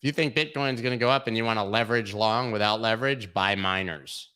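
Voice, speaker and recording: A man with a lowish voice hosts a livestream, talking through market charts in a loose, profane way. He mocks trolls and jokes as he goes. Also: fast talker, sharp tone, clean tone. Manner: irreverent, profane, mocking. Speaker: crypto livestream host. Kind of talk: casual livestream chart commentary.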